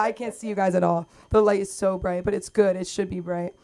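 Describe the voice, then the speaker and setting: A woman's voice: medium pitch, steady tone, brisk, a little mellow. A young woman doing a stand-up set on a comedy club stage, chatty and rambling, acting out quotes. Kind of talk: stand-up set at an open mic. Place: comedy club stage under bright lights.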